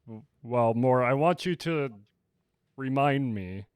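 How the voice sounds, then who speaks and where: A man's voice: mid-range voice, expressive, unhurried, clean tone, dry recording. A young man co-hosting a casual podcast, laid-back and dry as he steers the conversation. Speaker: podcast co-host. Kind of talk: casual chat.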